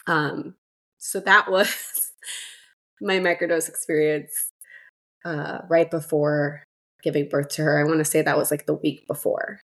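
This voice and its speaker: A young woman, a mother and doula, telling her story in a relaxed way, full of fillers, as a podcast guest. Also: sits low, measured pace. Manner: relaxed, filler-heavy, many "like"s. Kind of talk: casual storytelling interview.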